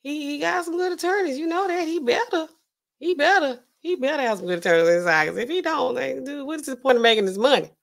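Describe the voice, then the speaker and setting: A woman pharmacist hosts a casual livestream in a high, fast voice with vocal fry. She chats loosely with features, reads out viewers' comments and talks back to chat, laughing a lot and reacting with big vocal swings in an animated way.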